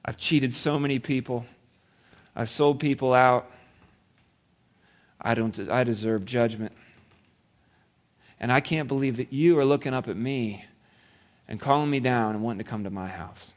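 A remorseful tax collector confessing in a low, hushed voice, as a preacher voices him. He sounds humble and sorry. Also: moderate pace, long pauses, close to an everyday voice.

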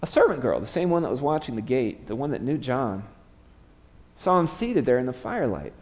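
In a large hall, a pastor with a mid-range, darkish voice delivers a very animated sermon at a slightly fast clip. He recounts the story dramatically and acts out the people's quotes with a raised voice.

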